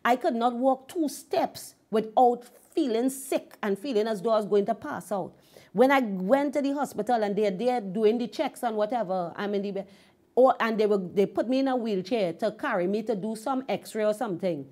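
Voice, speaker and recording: Warm-voiced woman ministering. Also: a little high, normal speed. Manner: emphatic storytelling. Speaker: host and minister. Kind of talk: devotional teaching.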